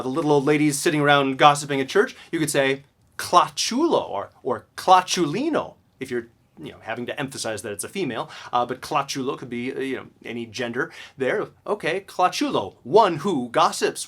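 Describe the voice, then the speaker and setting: A man teaching a video grammar lesson, explaining in a lively way and often checking in with "okay?". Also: mid-range voice, moderate pace. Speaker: language teacher.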